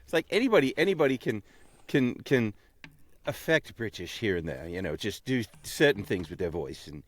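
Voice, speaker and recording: A man's voice: fairly low pitch, sing-song, moderate pace. A man co-hosting a casual interview show, rambling and repeating himself as he talks. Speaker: co-host.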